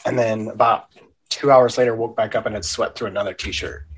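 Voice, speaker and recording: A man's voice: lowish voice, fairly even intonation, fairly quick, breathy edge, low-quality recording. A man co-hosting a podcast, chatting in a dry, laid-back way. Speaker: podcast co-host. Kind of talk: casual chat.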